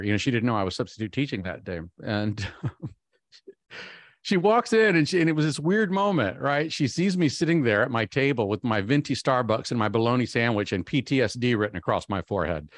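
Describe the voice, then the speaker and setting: A man's voice: mid-range voice, dry recording. Man, fifties, keynote speaker, self-deprecating storyteller, lots of ums and restarts, dry close sound. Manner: animated, self-mocking, frequent ums and restarts.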